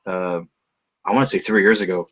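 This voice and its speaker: A man from Canada chatting casually about comics, blunt and animated. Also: low-pitched, a little fast. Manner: animated, swearing, blunt opinions. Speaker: co-host. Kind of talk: casual chat.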